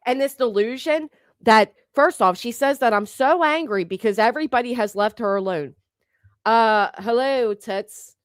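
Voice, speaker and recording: Woman, heated commentary rant, sarcastic, swearing, rhetorical questions, slightly high voice, dry close sound. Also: normal speed, dry recording. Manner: indignant, sarcastic, profane, fires rhetorical questions. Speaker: online commentator.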